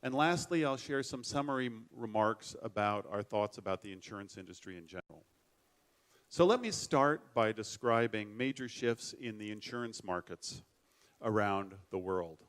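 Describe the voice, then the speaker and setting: Keynote speaker, man, middle-aged, measured and formal delivery. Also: lowish voice, animated, a bit bright. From United States. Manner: measured, formal, self-deprecating. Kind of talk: formal conference speech.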